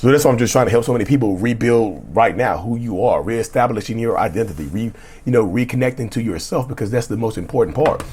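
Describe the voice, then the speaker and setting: A man's voice: mid-range voice, quick pace, a little mellow, slightly rough. A middle-aged man speaking as a relationship coach, giving emphatic, repetitive, blunt motivational talk with cussing.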